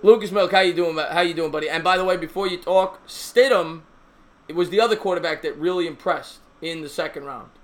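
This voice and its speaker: A man's voice: a little high, a little fast, a bit bright. A man hosting a live call-in sports talk show, chatty and teasing his callers.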